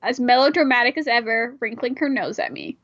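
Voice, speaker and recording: A woman's voice: fairly high pitch, brisk, a bit bright, dull audio. A woman reading a visual novel aloud in a casual way, breaking off for irreverent, swearing asides. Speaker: player reading a game aloud.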